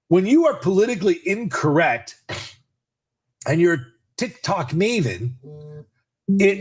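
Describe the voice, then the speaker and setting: Middle-aged male host, fairly high voice, indignant, ranting commentary. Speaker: podcast host. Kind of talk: political commentary rant.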